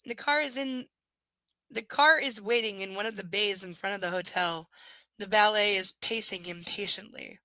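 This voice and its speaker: Bright-voiced woman reading with wry asides. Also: mid-range voice, normal speed, dry recording, rough recording. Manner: wry, sarcastic asides between read passages. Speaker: reader and host. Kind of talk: live reading of a novel with commentary.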